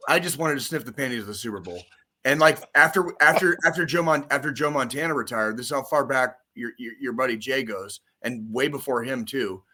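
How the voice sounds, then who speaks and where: A man co-hosting a loose podcast chat, his voice bright and forceful. He rants about football in a profane, rambling, excitable way, piling on swear words as he goes. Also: mid-range voice, brisk. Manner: profane, excitable, rambling sports-fan rant. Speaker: podcast co-host. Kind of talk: casual chat.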